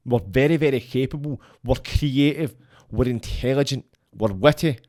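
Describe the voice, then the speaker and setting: A man talks in a blunt, sweary, preachy way as a podcast guest. His voice sits at an ordinary middle pitch. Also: expressive, normal speed. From Scotland. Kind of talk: rambling motivational monologue.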